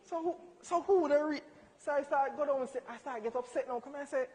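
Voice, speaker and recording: A young man telling a funny personal story in church, animated and acting out dialogue with laughs. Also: extremely high pitch, fast talker. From Jamaica. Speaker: church speaker. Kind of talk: storytelling testimony. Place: church hall. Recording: hall reverb.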